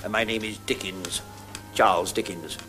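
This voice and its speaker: An actor playing a witty, pompous Victorian novelist in a TV comedy special, speaking theatrically. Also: male voice, on the low side, steady tone, moderate pace, lightly acted. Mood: wry. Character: witty, jovial Victorian novelist, middle-aged man. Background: music.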